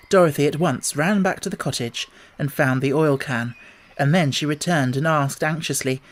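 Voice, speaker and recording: A man narrating an audiobook with a steady, measured storytelling delivery. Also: a little high. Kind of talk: scripted narration.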